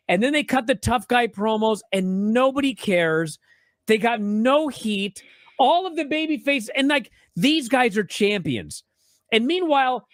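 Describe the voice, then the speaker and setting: A man's voice: high-pitched, fairly bright tone, no room sound, studio quality. A man co-hosting a wrestling podcast, ranting with exasperation and frequent profanity. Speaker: podcast co-host. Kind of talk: heated wrestling commentary rant.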